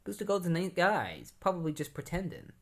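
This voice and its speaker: Man doing a naive easygoing superhero guy, high voice, breezy and chummy. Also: very animated, a little fast.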